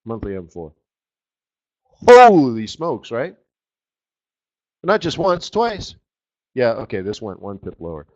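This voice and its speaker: Guy doing live trading webinar commentary, slow and excitable, dull lo-fi audio. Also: fairly low pitch. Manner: excitable, exclamatory, trails off while fiddling with charts. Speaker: forex market strategist hosting a live webinar.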